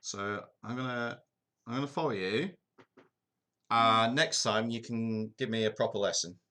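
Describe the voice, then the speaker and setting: He speaks unhurriedly, his fairly low voice pushed and bright. An English man streaming a football management game, he keeps up casual chat with his viewers and pokes fun at himself.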